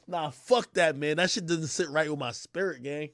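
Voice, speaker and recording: Loud, animated male streamer. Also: a little high, normal speed, vocal fry, no echo, clean studio sound. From Jamaica. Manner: loud, excitable, acts out quoted voices with big swings. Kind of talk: animated storytelling on a livestream.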